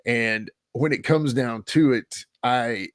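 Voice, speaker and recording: A man's voice: mid-range voice, slow, no echo, studio quality. A middle-aged man, a former pro wrestler, telling stories as a podcast guest and animatedly acting out the voices of the people he quotes. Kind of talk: casual interview storytelling.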